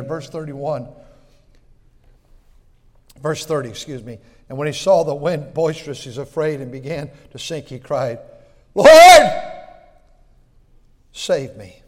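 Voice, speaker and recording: High-voiced man preaching in a reverberant church. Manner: emphatic preaching, swinging from shouts to hushed confessional tones. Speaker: pastor. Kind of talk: sermon.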